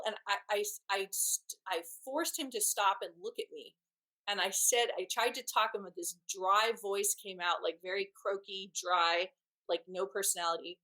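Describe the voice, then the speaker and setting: A middle-aged woman, a podcast guest, telling a personal story in an earnest, halting way with many restarts. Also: medium pitch, fairly even intonation, pushed and bright, poor audio.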